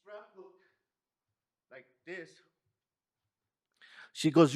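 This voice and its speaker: A man's voice: mid-range voice, normal speed, pauses often. A man telling an earnest personal story at a community gathering, acting out the lines of people in it. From California. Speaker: community organizer speaker. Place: conference room.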